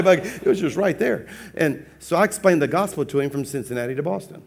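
A man preaching as a pastor, telling a funny personal story with lively, laughing acted-out dialogue. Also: a little high, fairly quick, vocal fry, hardly any pauses. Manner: animated, humorous, acts out dialogue with laughs. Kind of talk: sermon storytelling.

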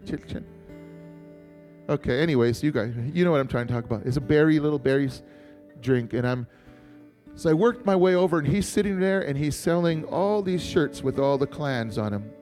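A man's voice: fairly high pitch, expressive, brisk, darkish tone, faint music behind. A male pastor from Montana telling a personal story in a sermon, chatty and joking, calling on the congregation to answer. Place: church.

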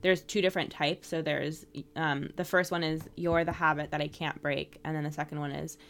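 A woman co-hosting a podcast, talking casually and a little haltingly about song lyrics. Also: sits low, little pitch movement, a bit bright. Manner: hesitant, many "um" fillers. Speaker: podcast co-host.

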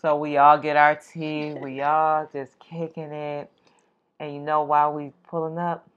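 A woman co-hosting a podcast in casual chat, playful and expressive, laughing often. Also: deep voice, unhurried, dull audio. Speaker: podcast co-host. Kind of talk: casual chat, imagining the future.

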